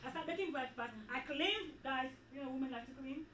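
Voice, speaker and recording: A high-voiced woman gives a motivational talk to a women's retreat, animated and preachy and fond of repeating herself. She sounds a little off-mic in an echoey hall with faint room noise. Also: fairly quick, far from the mic. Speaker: retreat speaker. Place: event hall.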